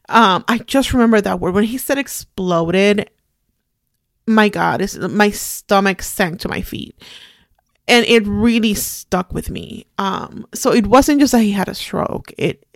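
A woman in her forties, hosting a podcast, telling a personal story in a somber, reflective and halting way. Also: medium pitch, no room sound, clean studio sound. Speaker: podcast host.

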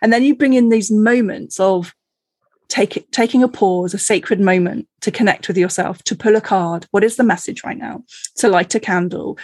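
A chatty woman hosting a podcast, from Cornwall, talking in a loose conversational way with frequent laughs. Her voice is a little husky and the sound is dry and close. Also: mid-range voice, moderate pace, darkish tone, no echo. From Cornwall, England. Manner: chatty, laughs often, many fillers. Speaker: podcast host. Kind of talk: casual conversational interview.

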